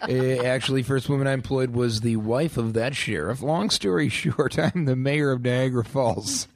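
A man in casual podcast banter, telling absurd tall tales with a deadpan delivery. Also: mid-range voice, normal speed, a little hiss or hum.

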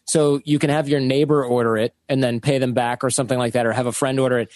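A man's voice: medium pitch, fast, no echo. A man giving practical home-security advice in a casual talk show. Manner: steady, practical explainer. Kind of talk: explanatory advice.

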